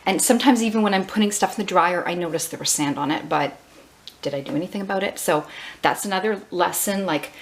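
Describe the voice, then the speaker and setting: Flustered rambling woman vlogger. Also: mid-range voice. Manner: rambling, flustered, many fillers and restarts. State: shaken, voice trembling. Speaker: home DIY vlogger. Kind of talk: casual rambling vlog talk.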